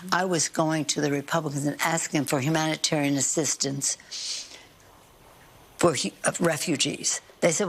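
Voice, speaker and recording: An older woman giving measured, halting interview answers, with frequent fillers and restarts. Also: deep voice. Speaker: guest politician.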